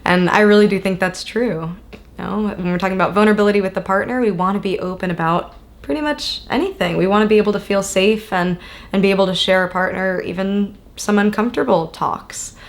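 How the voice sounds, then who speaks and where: A woman co-hosting a casual relationship-advice talk, playful and quick to laugh as she gives tips. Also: mid-range voice. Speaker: co-host. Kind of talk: casual podcast chat.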